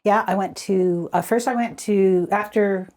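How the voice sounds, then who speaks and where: A woman in her seventies from the Squamish Nation, telling childhood stories in a relaxed interview, often laughing. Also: medium pitch, a little slow. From Squamish Nation, Canada. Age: 70s. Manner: animated, laughing, restarts sentences. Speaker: community elder guest. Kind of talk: conversational storytelling.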